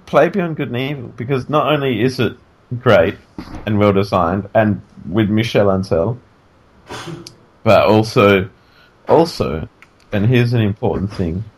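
Man, podcast co-host, casual chat, sleepy, animated and joking, speaking from bed. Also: lowish voice, measured pace, long pauses, slightly rough. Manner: animated, joking, trails off and restarts. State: sleepy, yawning. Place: in bed at home.

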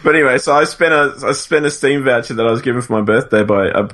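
A man's voice: mid-range voice, fast talker, fairly bright tone. Rambling man co-hosting a podcast. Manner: rambling, self-deprecating. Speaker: podcast co-host. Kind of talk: casual chat about games.

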